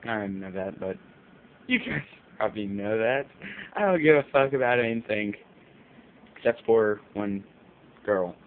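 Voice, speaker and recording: A man swearing constantly as he rambles in a casual vlog from his bedroom. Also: fairly low pitch. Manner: profane, rambling, jumpy. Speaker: vlogger. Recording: tinny lo-fi audio with faint hiss.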